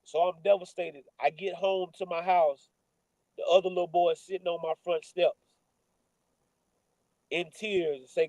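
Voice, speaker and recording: A man's voice: sits high, steady tone, normal speed, pauses often, darkish tone, dry recording, poor audio. A football coach in his forties telling a personal story in a casual, conversational way, with many fillers and restarts. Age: 40s. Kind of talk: personal storytelling in a sports talk show.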